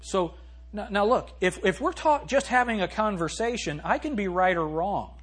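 A man preaching a sermon as pastor in a church, animated and swinging from loud to hushed, reading scripture slowly and emphatically. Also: sits high, breathy edge. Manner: reads scripture in a slow, emphatic cadence. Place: church sanctuary.

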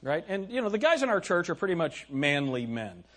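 A man's voice: on the high side, very animated, fairly quick, a bit bright. A male pastor preaching a sermon, emphatic, putting questions to the congregation and reading scripture aloud. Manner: reads scripture in old-fashioned wording.

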